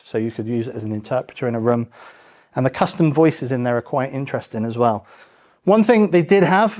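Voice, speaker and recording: A man's voice: medium pitch, a little mellow. A man presenting a live tech demo to a room of about forty people, casual and chatty. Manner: casual, chatty, with many fillers and restarts.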